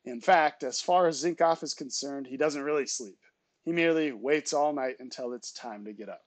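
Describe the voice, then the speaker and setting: A male teacher reading a novel aloud to his students, with relaxed, chatty asides between passages. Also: a little high, normal speed, dry recording.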